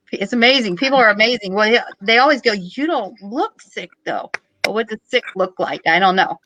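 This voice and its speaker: A middle-aged woman, a podcast guest, telling a story in a joking, lively way. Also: mid-range voice, a little fast, background noise. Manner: joking, animated storytelling with laughs. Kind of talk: casual storytelling.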